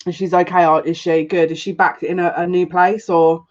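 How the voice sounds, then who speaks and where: This psychic reader's voice sits fairly low, with a flat delivery, a moderate pace and a darkish tone, though the recording is muffled. Chatting on her live stream, she rambles easily and says hello to each viewer by name. Viewers praise her noticeable accent.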